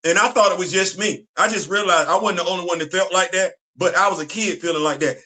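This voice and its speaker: Guy with ranting about fandom stuff, bright edgy voice, kinda high, repeats himself for emphasis. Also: quick pace, few pauses. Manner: emphatic, repeats phrases for effect. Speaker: commentary channel host. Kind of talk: casual opinion commentary.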